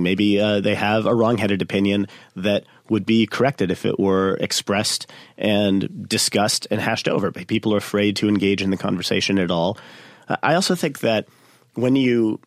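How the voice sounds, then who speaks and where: A man, a podcast guest, making a measured argument in casual political discussion and thinking aloud with fillers. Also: on the low side, dry recording, clean studio sound. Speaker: podcast guest, magazine writer.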